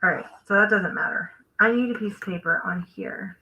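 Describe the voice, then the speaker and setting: A woman's voice: medium pitch, brisk, bright, forceful tone, muffled recording. A woman hosting a live crafting stream, chatting casually and thinking aloud as she works. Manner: chatty, thinks aloud while working, trails off. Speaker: craft livestream host.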